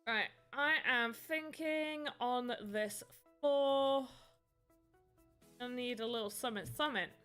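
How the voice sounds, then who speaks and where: Chatty British woman, bright voice. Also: a little high, slow, smooth, soft background music. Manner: chatty, rambling, reads and answers chat. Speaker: livestreamer making voxel art. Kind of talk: casual livestream chat.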